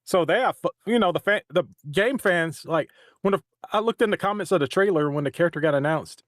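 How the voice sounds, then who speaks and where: A man's voice: sits high, a little fast, fairly bright tone, dry recording, studio quality. A man chatting casually on a livestream, rambling and restarting his sentences often. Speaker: voice actor and stream co-host. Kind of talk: casual chat.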